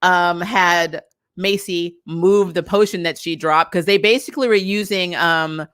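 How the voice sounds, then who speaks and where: A woman casually reviewing a TV episode, animated and exasperated, laughing between her points. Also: lowish voice, unhurried, clear, resonant tone, no echo. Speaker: TV review vlogger.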